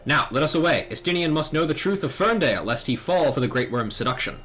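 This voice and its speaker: Male streamer doing grave old knight mentor, formal, lively swoops. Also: fairly high pitch, fast, voice pushed up. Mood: urgent. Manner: solemn, formal. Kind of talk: reading game dialogue aloud.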